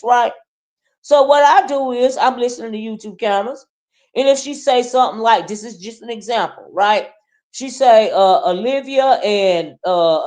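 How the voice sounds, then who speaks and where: A Southern US woman with a slightly high voice ranting in a casual commentary vlog. She talks straight to her viewers with sass and confrontation and keeps checking in with "okay?" and "right?". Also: a little mellow. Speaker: YouTube commentary host.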